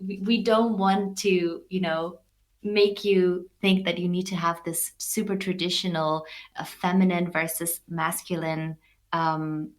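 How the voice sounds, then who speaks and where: A woman co-hosting a casual podcast chat, speaking thoughtfully and hesitantly, with many fillers. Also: on the low side. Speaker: podcast co-host.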